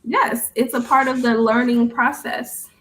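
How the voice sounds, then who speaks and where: A young woman tutoring English over a video call, patient and gently correcting, often laughing. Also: on the high side, fairly even intonation, unhurried, poor audio. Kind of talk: casual online tutoring chat.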